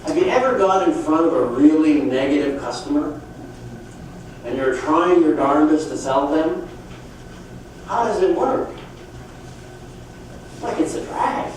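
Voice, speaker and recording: A middle-aged man giving a motivational sales talk at a conference, telling folksy, animated stories. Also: a little high, measured pace, long pauses. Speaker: sales trainer speaking at a conference. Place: conference hall. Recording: echoey hall from far off with faint noise.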